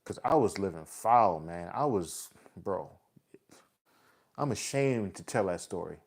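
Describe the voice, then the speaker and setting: A man's voice: low-pitched, expressive, a little slow, creaky, slightly rough. A man talking earnestly to his followers about his faith, casual and repetitive, with heavy sighs. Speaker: vlogger sharing faith testimony. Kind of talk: heartfelt personal talk to followers.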